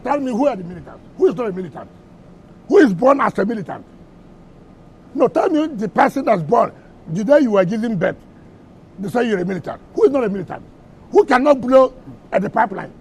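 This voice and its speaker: A man's voice: very high voice, animated, brisk, pauses often, a little mellow, slightly rough. A middle-aged Nigerian man answering reporters at a press briefing, combative and firing off repeated rhetorical questions. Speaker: government minister at a press briefing.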